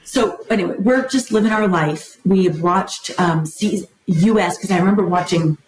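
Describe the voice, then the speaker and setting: A woman in her fifties, a guest chatting casually in an interview, telling stories in a lively way and acting out what others said. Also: lowish voice, moderate pace. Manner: animated storyteller, often acting out quoted dialogue. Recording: roomy echo.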